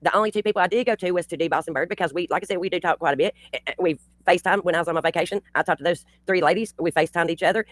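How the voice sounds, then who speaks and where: Fast-talking blunt woman streamer. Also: fairly low pitch. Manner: blunt, profane, rambling retelling with restarts. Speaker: channel host. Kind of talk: casual livestream storytelling.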